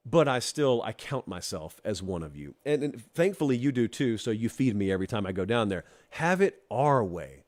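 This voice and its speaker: A man's voice: lowish voice, expressive, fairly quick, few pauses, a little mellow. A man from Georgia hosting a college football talk show, giving opinionated commentary with a wry, teasing, emphatic manner as he speaks straight to the fans. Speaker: show host.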